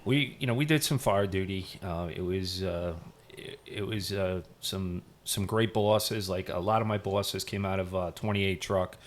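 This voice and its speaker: A man's voice: sits low, measured pace. A middle-aged man, a retired firefighter, telling firehouse stories in a rambling, casual way, full of "you know" fillers. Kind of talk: casual storytelling interview.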